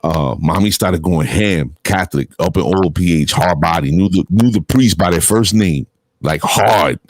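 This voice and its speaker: A man's voice: low-pitched, normal speed, dry recording. A middle-aged man hosts a casual call-in chat, telling stories with laughs and swearing freely. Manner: animated storytelling, laughs often, swears freely. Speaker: show host.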